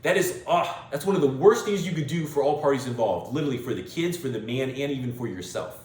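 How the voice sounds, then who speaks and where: A man's voice: medium pitch, fast talker, darkish tone, echoey room. A man hosting a show, giving an opinionated monologue in an emphatic, lecturing way and repeating phrases for stress. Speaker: podcast host.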